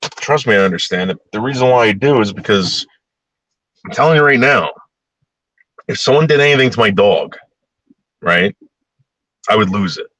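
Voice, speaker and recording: Blunt, heated man with a bright voice. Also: fairly low pitch, animated, moderate pace, pauses often, dry recording, poor audio. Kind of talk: ranting opinion monologue.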